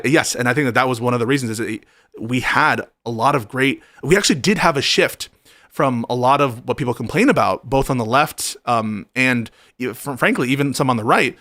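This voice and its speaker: A man's voice: mid-range voice, moderate pace, sharp tone, no room sound, studio quality. A man hosting a casual political talk, earnest and wordy, building to indignation.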